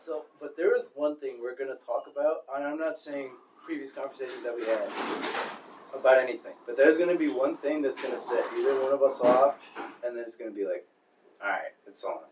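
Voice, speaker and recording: A young man co-hosting a podcast in casual chat, excitable and swearing, often repeating himself as he bickers. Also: medium pitch, a little fast, background noise. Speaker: podcast co-host. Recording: roomy, distant from the mic.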